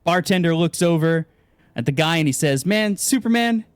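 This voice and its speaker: A man's voice: a little fast, clear, resonant tone, no echo, clean studio sound. A man co-casting an esports stream, chatting casually and telling long jokes with acted-out voices. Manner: animated, acts out joke characters with pitch jumps. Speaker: esports co-caster.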